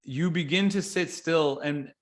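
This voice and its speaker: A man in casual podcast conversation, his voice sitting a bit higher than most men's. He talks bluntly, swears freely and circles back on himself, then climbs into lively, excited examples. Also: unhurried. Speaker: podcast guest.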